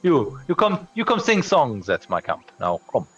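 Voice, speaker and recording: A man voicing a tall, rough human leader of a swamp camp who talks bluntly and haltingly. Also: medium pitch, huge pitch swings, fairly bright tone, far from the mic, muffled recording, soft background music, pitched above the performer's own voice. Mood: welcoming.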